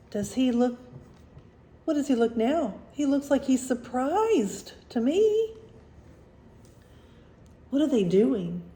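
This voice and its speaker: A woman reading a picture book aloud to children, gently asking them questions about the pictures. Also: high voice. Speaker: storybook reader for children. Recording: roomy echo.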